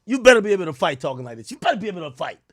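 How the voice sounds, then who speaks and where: A high-pitched man on a livestream talks to his chat in excitable, profane slang. His voice swings widely up and down as he repeats lines and gets worked up, and the sound is dry and close at a desk mic. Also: racing, no room sound. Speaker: livestream host. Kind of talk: casual livestream reaction commentary.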